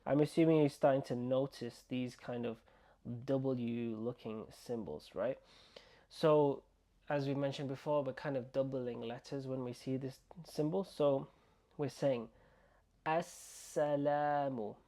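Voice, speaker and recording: A man gives a patient pronunciation lesson, his voice mellow and warm. He breaks words into pieces, repeats them slowly several times and checks in with the listener as he goes. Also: mid-range voice. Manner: reassuring, checks in with "okay?". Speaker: Arabic teacher.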